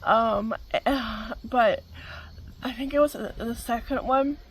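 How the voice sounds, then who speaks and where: A woman's voice: on the high side, slow, a little hiss or hum, rough recording. A middle-aged woman, hosting a casual chat, rambling with many fillers and frequent laughter. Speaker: vlog host.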